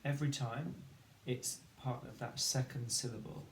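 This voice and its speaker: A man's voice: mid-range voice, steady tone, normal speed. A man teaching a phonics lesson, patiently sounding out letters and words. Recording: echoey room, faint background noise.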